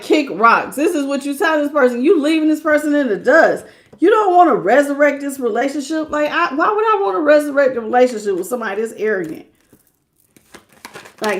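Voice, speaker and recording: Animated laughing woman tarot reader. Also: sits high. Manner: animated, laughing, slangy, acts out quotes. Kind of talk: live tarot reading stream.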